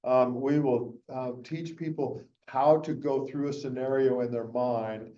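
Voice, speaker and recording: A man's voice: mid-range voice, steady tone, unhurried, dark tone. A middle-aged man giving a conference keynote in a conversational, rambling way with many fillers and restarts. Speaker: keynote speaker. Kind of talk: conference talk. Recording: echoey, muffled room recording from a distance.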